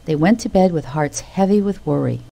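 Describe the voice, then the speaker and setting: A woman narrating a children's storybook in an expressive, animated way. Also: low-pitched, a little fast, vocal fry, low-quality recording.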